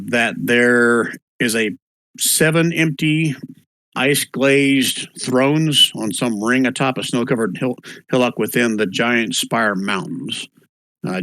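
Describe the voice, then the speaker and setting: A man's voice: mid-range voice, slow pace, fairly bright tone, no room sound, low-quality recording. A man running an online tabletop one-shot as game master, easygoing, with lots of fillers, spelling out names as he goes. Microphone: voice chat microphone.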